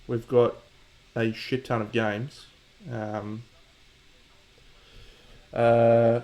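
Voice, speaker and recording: A man's voice: medium pitch, darkish tone. A man with an Australian accent, casually chatting to viewers on his stream while painting, joking and mock-boastful, swearing freely.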